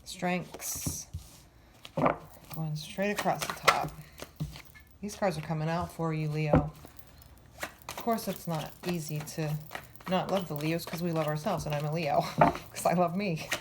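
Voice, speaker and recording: A woman's voice: low voice, steady tone, unhurried, long pauses. Breathless chatty woman reading tarot. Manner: chatty, many fillers, thinks aloud. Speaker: tarot reader. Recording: loud background noise.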